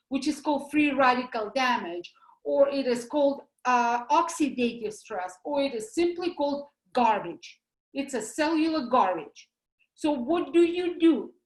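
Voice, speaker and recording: In a lively presentation, a doctor promoting supplements speaks with a high female voice and a Russian accent. She explains things animatedly, using homely comparisons and posing questions she then answers herself, while her voice echoes around the room.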